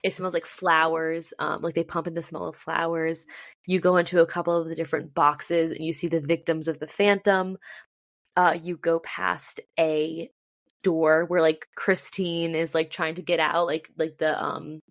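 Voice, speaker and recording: A young woman with a slightly low voice talks eagerly into a podcast mic, filling her sentences with ums and likes. The sound is close and dry, with no room around it. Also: level tone, normal speed, no echo. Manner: chatty, many ums and likes, enthusiastic. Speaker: podcast co-host. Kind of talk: casual chat.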